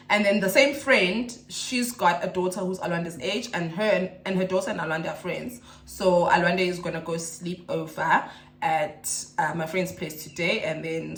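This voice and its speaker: A woman's voice: on the low side, gravelly, a bit bright. Chatty South African woman, roomy echo. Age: 30s. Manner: chatty, emotional, rambling with restarts. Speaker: vlogger and mother. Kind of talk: casual chat to camera.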